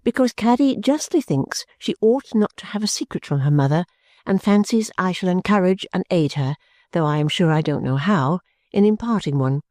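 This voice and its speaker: A kind, earnest young woman, played by a woman who explains herself gently in a low, mellow voice. The audiobook sound is dry and close. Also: expressive, normal speed, no echo, close to an everyday voice. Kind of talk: audiobook character voice.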